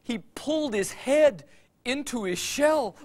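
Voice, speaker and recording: A man telling a story for all ages in an animated way, chuckling along with the tale. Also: very high-pitched, slow.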